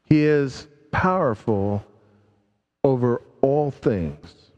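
A man preaching a sermon, slow and emphatic, drawing out key words and dropping his voice low to stress them. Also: animated, a little mellow, big-room sound, dull audio.

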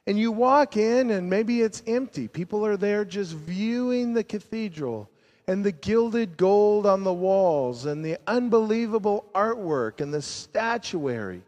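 A man preaching a sermon as pastor, swinging from loud emphasis to hushed, low endings. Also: expressive, a little slow. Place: church sanctuary. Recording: long reverb of a large church.

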